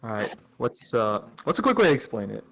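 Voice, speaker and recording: A young man hosting a casual chat podcast, relaxed and playful, often pausing with "uh" and "like". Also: fairly low pitch, gravelly, low-quality recording. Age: young adult. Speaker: podcast host.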